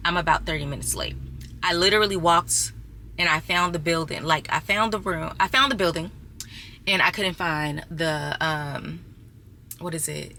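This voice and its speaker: Young woman vlogger venting to y'all, lowish voice, a little hum in the background. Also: bright, forceful tone. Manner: chatty, exasperated, addresses viewers as y'all. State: six months pregnant. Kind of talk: casual storytelling vlog.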